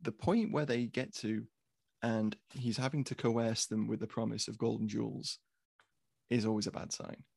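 A man's voice: on the low side, steady tone, normal speed, gravelly, a little mellow, husky. A man co-hosting a podcast, who picks apart a film's plot in a wry, critical way and swears casually. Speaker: podcast co-host. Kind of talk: casual film review chat.

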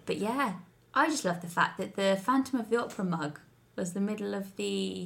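A woman's voice: mid-range voice, moderate pace, gravelly. Woman co-host, chatty and giggly, tells ghost stories in casual banter. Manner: giggly, animated storyteller. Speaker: podcast co-host.

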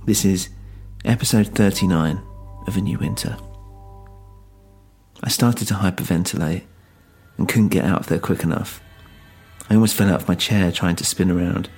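A man narrating a first-person horror story in a grave, measured way. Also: deep voice, gravelly, darkish tone, soft background music.

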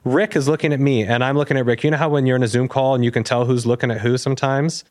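A man, a police officer guest, telling an anecdote with animated delivery and acted-out dialogue. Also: medium pitch, fast. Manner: animated, acts out quoted dialogue. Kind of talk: storytelling anecdote.

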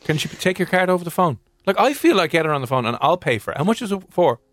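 A man's voice: fairly high pitch, quick pace, no room sound. A man co-hosting a radio show, teasing his co-host in casual banter. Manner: teasing, animated, puts on silly voices for quotes.

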